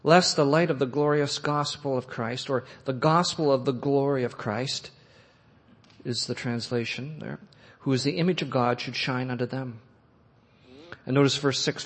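A man preaching a sermon, reading and expounding scripture earnestly, pushing phrases up and letting them fall soft. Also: mid-range voice, normal speed. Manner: earnest, rising to emphatic phrases then dropping soft. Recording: echoey hall with long reverb.

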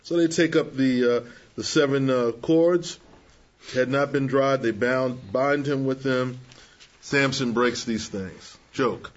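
A man preaching a sermon to young people, conversational and animated, acting out the scenes as he tells them. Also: mid-range voice, slow. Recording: slightly dull lo-fi sound.

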